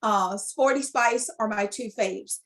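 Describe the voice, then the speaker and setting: A woman's voice: mid-range voice, measured pace. A woman co-hosting a casual chat show, telling a story with feeling and acting out the quotes. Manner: animated storyteller, acts out quotes. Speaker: co-host.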